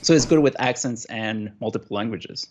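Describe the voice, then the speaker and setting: A man's voice: medium pitch, normal speed, darkish tone. A man with a French Canadian accent, a native French speaker, telling stories as a guest on a video call. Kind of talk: casual interview chat.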